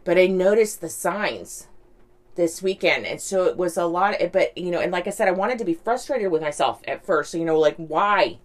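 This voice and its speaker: A woman's voice: on the low side, lively intonation, moderate pace. A woman talking candidly in a casual reflective monologue, rambling, with lots of "like" and "right?".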